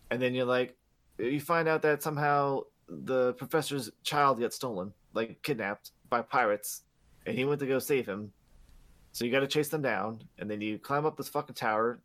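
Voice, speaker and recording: A man's voice: medium pitch, fairly bright tone. A man co-hosting a podcast, casually retelling a game's plot with lots of fillers and swearing. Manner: rambling, profane, many fillers. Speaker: podcast co-host. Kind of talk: casual game recap.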